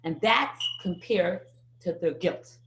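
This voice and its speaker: A middle-aged woman teaching a parenting class, telling lively stories. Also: lowish voice, slow, a little hiss or hum. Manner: lively anecdotal storytelling. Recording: echoey room.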